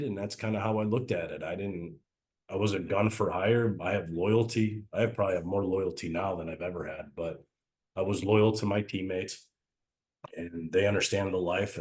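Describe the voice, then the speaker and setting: A man's voice: low voice, darkish tone. A man, a baseball coach and former player, talking earnestly and reflectively about his career in a casual interview. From Italian-American family. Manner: reflective, earnest, speaks of faith.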